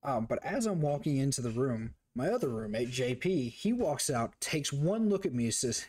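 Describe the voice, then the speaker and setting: A man in his twenties casually telling a funny story as a streamer, animated and profane, laughing as he talks. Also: medium pitch, moderate pace.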